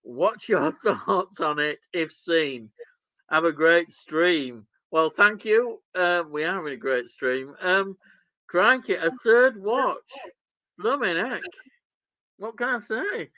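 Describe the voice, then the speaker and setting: A man's voice: high-pitched, animated, slow pace, pushed and bright, no echo. A man, co-hosting a live stream, chuckling as he reads out chat messages. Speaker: stream co-host reading chat. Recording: dull, dry sound.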